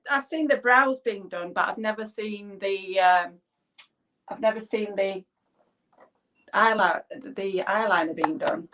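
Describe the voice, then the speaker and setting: A woman's voice: mid-range voice, measured pace, a bit bright. A woman from England speaks with a Yorkshire accent. She rambles chattily between makeup steps and often slips into a giggle. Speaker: guest. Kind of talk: casual chat while doing makeup.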